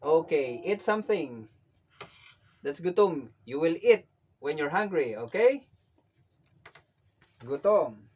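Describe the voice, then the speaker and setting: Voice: mid-range voice, big pitch swings, slow pace, pauses often, darkish tone, breathy edge, lo-fi sound. An adult drilling a child on vocabulary at home, patiently repeating words for the child to echo. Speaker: parent teaching a child.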